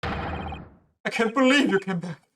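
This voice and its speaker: A streamer voicing an excitable, breathy young male novelist from a game, gushing and theatrical. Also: medium pitch, noisy background, voice pushed up, lightly acted. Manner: gushing, theatrical, drawn-out emphasis. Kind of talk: voicing game dialogue on a livestream.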